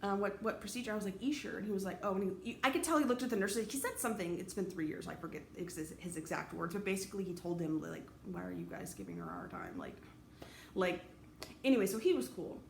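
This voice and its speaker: A woman's voice: medium pitch, expressive, fast, vocal fry, a little mellow, reverberant, slight background noise. A woman, a teacher, telling a personal story in a casual, rambling way, full of fillers and restarts.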